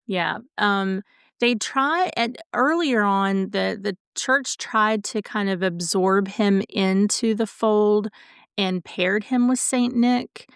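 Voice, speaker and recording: A woman co-hosting a podcast in casual chat, easygoing and quick to giggle. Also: mid-range voice, clear, resonant tone, dry recording, studio quality. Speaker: podcast co-host.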